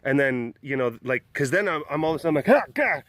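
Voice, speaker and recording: A man's voice: medium pitch, quick pace, a bit bright, no echo. A man hosting his own webcast, telling a story in a casual, rambling way, self-deprecating and laughing often. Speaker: webcast host.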